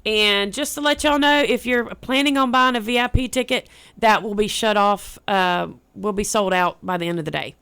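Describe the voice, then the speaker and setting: A young woman, chatting as a guest on a radio show about an event she is organizing, bubbly and quick to repeat herself. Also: mid-range voice, fairly bright tone, clean tone. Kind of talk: casual radio interview.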